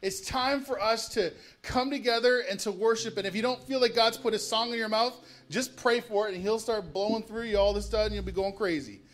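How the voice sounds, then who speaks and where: A man's voice: high voice, a little fast, few pauses, fairly bright tone. A man preaching as a pastor, emphatic, with repeated phrases and restarts. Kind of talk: sermon. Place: church sanctuary.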